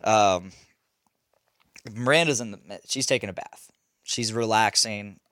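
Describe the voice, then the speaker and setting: A man's voice: fairly low pitch, measured pace, dry recording, clean studio sound. A young man telling a casual story as a podcast host, laughing often and swearing freely. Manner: animated, laughing, swears a lot.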